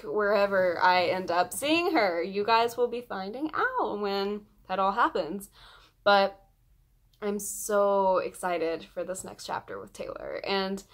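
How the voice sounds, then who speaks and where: A young woman vlogging in a casual chat, gushing excitedly as a fan. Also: mid-range voice.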